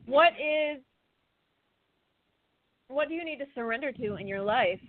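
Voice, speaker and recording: A woman's voice: high voice, expressive, measured pace, no room sound. Woman, talk show host, casual chat, acts out her own thoughts, very dry, lo-fi phone quality. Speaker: podcast host.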